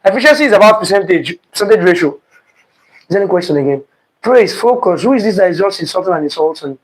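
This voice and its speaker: A physics teacher leads an online exam-prep class, his high, animated voice coming through a rough recording. He quizzes students with "what?", repeats terms, and varies his speed to stress them.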